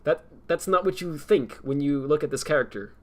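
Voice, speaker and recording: A man's voice: on the high side, brisk. Rambling young man chatting on stream. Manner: rambling, laughs often, lots of fillers. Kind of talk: casual chat.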